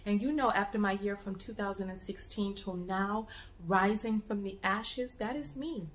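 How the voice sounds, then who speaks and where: An American woman talking to camera in a casual travel vlog, an animated storyteller who restarts and repeats words as she goes. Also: medium pitch, normal speed, echoey room, slight background noise. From United States. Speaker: travel vlogger.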